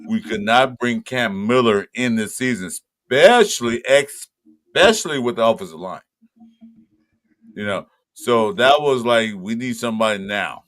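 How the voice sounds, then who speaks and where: A man's voice: mid-range voice, lively intonation, a little slow, fairly bright tone. A man co-hosting a podcast in casual sports chat, jokey and emphatic, often repeating himself. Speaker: podcast co-host.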